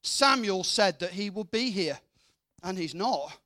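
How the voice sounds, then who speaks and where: Bright, high-voiced preacher. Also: male voice, animated, unhurried. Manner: chatty, acts out voices of Bible characters. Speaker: guest preacher. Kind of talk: sermon with Bible reading.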